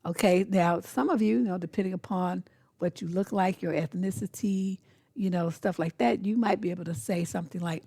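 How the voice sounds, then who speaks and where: A middle-aged relationship coach speaks directly to the listener in a casual advice monologue, blunt and sassy, acting out quick dialogues. Her lowish, mellow voice has a gravelly edge at the bottom. The recording is dry, like a close mic in a small, dead room.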